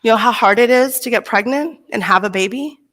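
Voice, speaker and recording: A woman's voice: on the high side, a little fast. A middle-aged woman from Texas giving a motivational keynote speech on a conference stage, telling stories and acting out the voices of people in them. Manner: animated storyteller, acts out voices in quotes. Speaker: motivational speaker.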